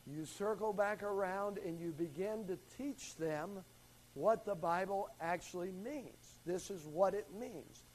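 Man, high voice, Bible class teacher, calls on students and leans hard on key words. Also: unhurried, low-quality recording. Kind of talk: classroom Bible lesson with questions.

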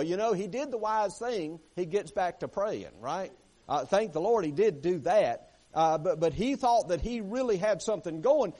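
A man's voice: high-pitched, darkish tone. Folksy preacher man. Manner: folksy, repeats words, acts out prayers, rises and drops in volume. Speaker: pastor. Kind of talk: sermon.

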